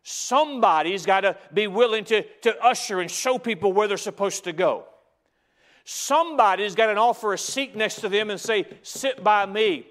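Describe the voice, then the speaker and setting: A man with a high voice preaches a sermon in a church. He drops into soft, close asides, then climbs back up to loud, driving emphasis, stacking repeated phrases as he goes. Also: lively intonation, normal speed. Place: church sanctuary.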